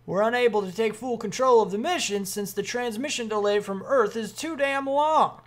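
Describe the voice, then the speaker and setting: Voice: mid-range voice, normal speed, close to an everyday voice. A streamer putting on the voice of a stern male military commander, reading game dialogue aloud in a clipped drill-sergeant delivery. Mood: barking.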